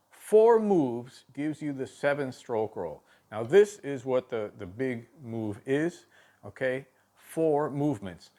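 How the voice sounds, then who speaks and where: Male drum instructor, unhurried and halting, middle pitch, counts strokes aloud. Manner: halting, with many fillers and restarts, counting aloud. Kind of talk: video drum lesson.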